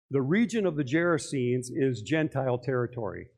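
An older man preaching a sermon, animated, acting out voices and putting questions to his congregation. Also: mid-range voice, moderate pace, hardly any pauses. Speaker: pastor.

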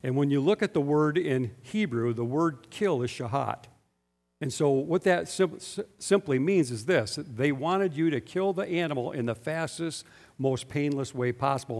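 A man's voice: mid-range voice, lively intonation, normal speed, darkish tone. A man preaching a sermon. He speaks emphatically and keeps asking the congregation rhetorical questions, and the recording has a long hall reverb. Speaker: pastor.

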